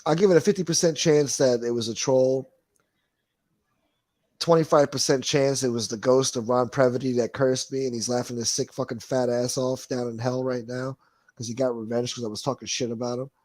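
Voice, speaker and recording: A man's voice: medium pitch, steady tone, normal speed, darkish tone, dry recording. A man hosting a livestream, reading chat comments aloud and riffing on them in profane, rambling, wisecracking casual chat. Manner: profane, rambling, wisecracking, calls people boy.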